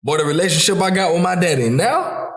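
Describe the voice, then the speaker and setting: A man hosting a podcast who talks through fatherhood in a relaxed, heartfelt chat, often calling his friend "bro". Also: high voice, a little fast. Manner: informal Southern US speech, calls listener "bro". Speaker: podcast host. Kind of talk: casual heartfelt conversation. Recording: echoey room.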